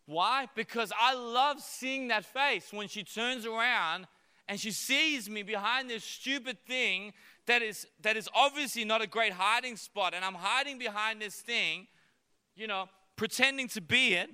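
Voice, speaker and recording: A man in his thirties preaches from a church stage, his voice pitched high and ringing very bright. He tells his story playfully, slipping into little voices, and each phrase trails off into a long reverb in the hall. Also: a little slow, smooth. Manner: playful, acts out voices of his child and God. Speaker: pastor. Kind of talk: sermon.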